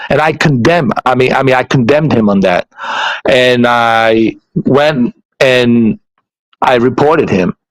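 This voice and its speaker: A man ranting casually to his viewers, animated and profane, often repeating himself. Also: mid-range voice, dry recording, low-quality recording. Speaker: YouTuber.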